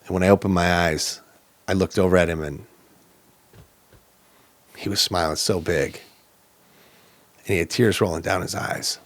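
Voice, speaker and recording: Brief: low-voiced man, plainspoken and earnest, dry close recording, personal storytelling. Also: steady tone, moderate pace, long pauses, dry recording. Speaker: podcast guest.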